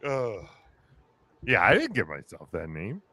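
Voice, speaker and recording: Lively low-voiced man hosting a casual chat. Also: measured pace, dry recording. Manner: hesitant, full of fillers and restarts, joking.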